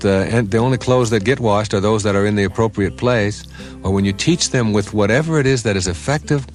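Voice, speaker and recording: A man with a very low, deep voice delivers a motivational lecture as a spiritual teacher. He speaks in a measured, emphatic way and repeats phrases to drive his points home. Soft music plays faintly behind him.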